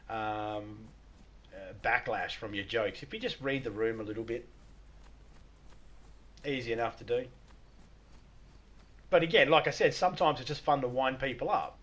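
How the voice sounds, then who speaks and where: A middle-aged Australian man chatting casually on a live stream, joking, swearing and laughing often. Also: mid-range voice.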